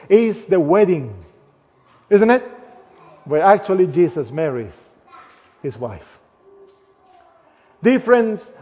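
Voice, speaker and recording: High-voiced man preaching in a reverberant hall. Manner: emphatic, trailing off softly at phrase ends. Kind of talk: sermon. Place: church. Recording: long hall reverb, dull lo-fi sound.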